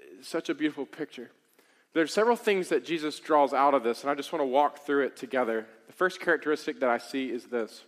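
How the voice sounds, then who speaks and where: A male pastor preaching a sermon, swelling into emphatic peaks and dropping to soft, conversational asides. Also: mid-range voice. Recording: long reverb of a large hall.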